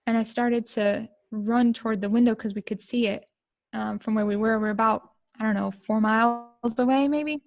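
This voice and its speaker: Woman, middle-aged, from the United States, gravelly, flat pitch, emotional halting storytelling. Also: dry recording, muffled recording. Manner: emotional, halting, many fillers and restarts. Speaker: podcast guest. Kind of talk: personal storytelling.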